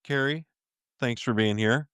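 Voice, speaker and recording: A man's voice: medium pitch, a little slow, a bit bright, clear, resonant tone, dry recording, studio quality. A man hosting a casual faith podcast, earnest, often restarting and asking "you know what I mean?". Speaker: podcast host.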